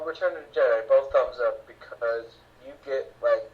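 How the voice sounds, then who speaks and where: A man co-hosting a casual movie podcast, speaking hesitantly with many pauses. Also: medium pitch, phone-quality sound. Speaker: podcast co-host. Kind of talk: casual movie review chat.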